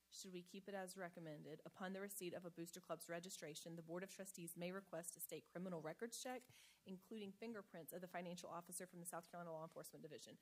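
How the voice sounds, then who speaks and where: A woman on a school board, asking questions during a meeting with a light joking touch. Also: lowish voice. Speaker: board member.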